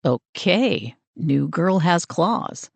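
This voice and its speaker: Woman putting on a smirking young surfer guy, low voice, lively teasing lilt, dry audiobook sound. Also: extremely slow, creaky, dry recording, heavily acted. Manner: playful, smirking banter.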